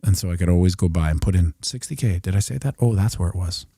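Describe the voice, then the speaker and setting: Low, mellow man rambling over charts. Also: fast, creaky, husky, no room sound, clean studio sound. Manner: rambling, jokey, muttering asides while drawing on a chart. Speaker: crypto streamer. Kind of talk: casual live chart commentary.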